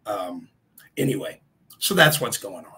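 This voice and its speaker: A man hosting a casual live stream, chatting in a rambling way and greeting viewers by name, his voice a bit congested and hoarse. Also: on the low side, big pitch swings, a little slow, pushed and bright, rough recording.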